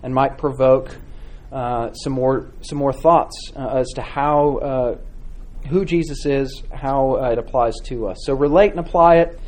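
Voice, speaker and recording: A man teaching a church class on devotional reading, speaking with frequent pauses, fillers and restarts. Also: medium pitch. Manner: halting, many fillers and restarts, warm encouraging replies. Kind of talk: Sunday school class teaching.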